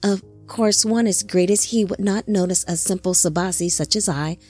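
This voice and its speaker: A woman's voice: mid-range voice, normal speed, a little mellow, husky, soft background music, close to an everyday voice. A woman voicing an anxious, humble young male servant. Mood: anxious, self-doubting. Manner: nervous, self-doubting muttering to himself.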